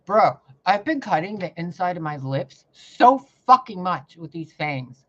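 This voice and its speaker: A woman vlogging a rambling, profane spiritual rant that swings between loud outbursts and hushed muttering. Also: fairly low pitch, big pitch swings, unhurried, dull audio. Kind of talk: ranting spiritual vlog monologue.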